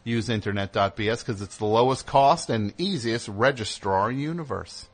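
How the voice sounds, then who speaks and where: A man's voice: medium pitch, normal speed, husky. A man hosting a call-in radio show, reading an ad with a jokey, rambling, mock-earnest manner. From United States.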